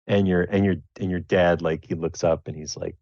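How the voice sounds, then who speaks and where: Low-voiced dude gm-ing, rambly, lots of ums, muffled dry mic. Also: male voice, fairly even intonation, a little mellow, no room sound. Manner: rambling, halting, many fillers. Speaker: game master. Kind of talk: narrating a tabletop game.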